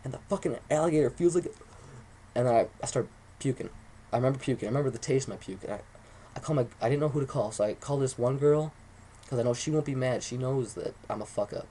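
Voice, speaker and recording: A young man rattles off a rambling, excitable story, his speech quick and dotted with swearing. His voice sits mellow and warm rather than bright. A faint hiss of background noise runs under the recording. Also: medium pitch. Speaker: vlogger. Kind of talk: casual storytelling to camera.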